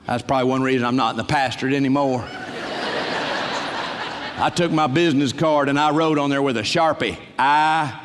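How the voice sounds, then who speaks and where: A man's voice: mid-range voice, moderate pace, long pauses, in a large hall, noisy background. An older man preaching a humorous, folksy sermon full of stories and bursts of laughter. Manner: storytelling, folksy, breaks into laughter and loud exclamations.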